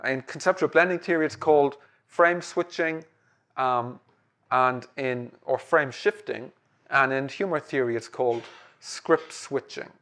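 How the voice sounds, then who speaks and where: A man's voice: medium pitch, a little slow, fairly bright tone. A man giving a lecture in a conversational way, with frequent fillers and tag questions.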